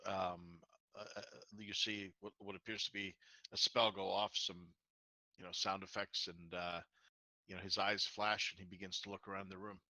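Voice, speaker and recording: A man with a low but sharply bright voice plays a tabletop game and describes what his spellcaster does. He hesitates, filling gaps with fillers, and his voice sounds dry and close. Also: little pitch movement, normal speed, no echo, rough recording. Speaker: player. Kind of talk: narrating his character's actions.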